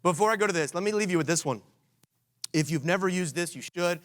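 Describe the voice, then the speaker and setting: A man with a high, raised voice, hosting a conference session. He coaches a live audience energetically and keeps quizzing the room with questions. He comes from Washington, D.C. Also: fast talker, fairly bright tone. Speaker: conference host.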